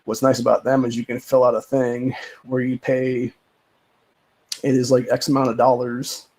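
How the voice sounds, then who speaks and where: A man's voice: medium pitch, completely flat delivery, moderate pace, darkish tone, poor audio. A man hosting a livestream, talking in a rambling, profane, casual rant with lots of repeated filler phrases. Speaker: livestream host.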